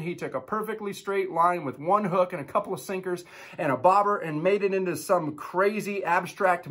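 A pastor in his thirties preaches a devotional in an easy, conversational manner. He tells stories warmly and with energy, and his voice sits slightly high for a man. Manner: storytelling with animated impressions of his kids. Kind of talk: devotional sermon.

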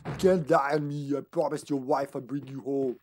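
A man putting on the voice of a gruff, musclebound action hero, loud and commanding. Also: medium pitch, fairly even intonation, normal speed, slight background noise, close to an everyday voice. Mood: pleading urgency.

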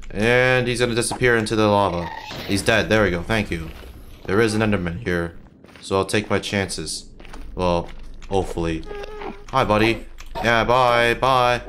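A young man with a lowish voice talks his way through a game in loose, frustrated commentary. He swears constantly and yelps sharply at every hit. Faint game sounds sit quietly under his voice. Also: normal speed, slight background noise. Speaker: gaming channel host. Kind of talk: casual gameplay commentary.

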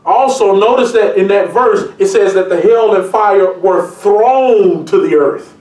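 Man, pastor, sermon, joking and lively, distant mic, echoey church. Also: high-pitched, unhurried, hardly any pauses. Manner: lively and joking, reads scripture aloud. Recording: echoey room, mic from afar.

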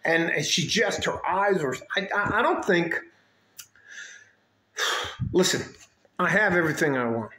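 Animated, profane man ranting to his viewers. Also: high-pitched, measured pace, pauses often, roomy sound. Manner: animated, blunt and profane storytelling. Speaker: vlogger addressing his viewers. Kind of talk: casual rant vlog.

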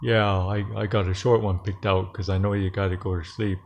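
A man doing Koopa, a low, slow, sleepy toy creature. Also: flat delivery, a little mellow, muffled recording, a little hiss or hum. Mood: meek.

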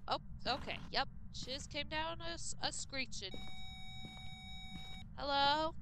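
A woman live-streaming a game and chatting easily with her viewers, reading their messages aloud and humming between lines. Her voice sits high and swings widely in pitch, and she talks at an unhurried pace. A steady background hiss runs under the recording. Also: creaky. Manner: chatty, reads chat aloud, hums to herself, bursts into excited squeals.

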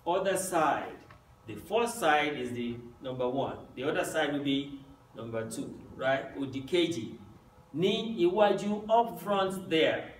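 A man's voice: on the high side, expressive, unhurried, a little hiss or hum. A man teaching a language lesson, patiently saying phrases and having listeners repeat them. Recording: echoey room, mic at a distance.

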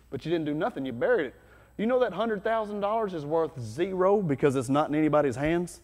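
A man with a somewhat high voice preaches with energy, talking to his congregation like friends and breaking into loud bursts. His voice rings with the long reverb of a church hall. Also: lively intonation, quick pace. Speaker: pastor. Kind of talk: sermon.

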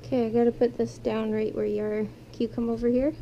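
A woman's voice: fairly high pitch, steady tone, fast talker, hardly any pauses. A woman who owns guinea pigs talks to her pet in cooing, affectionate baby talk while caring for it at home. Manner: cooing, affectionate, sing-song. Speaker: pet owner vlogger. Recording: dull lo-fi sound with loud noise.

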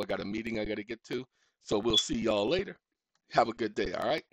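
A man hosting his own channel, lecturing viewers in a combative monologue that swings into loud rants. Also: on the low side, animated, fast talker, vocal fry, no room sound, low-quality recording. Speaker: channel host. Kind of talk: direct-to-camera monologue.

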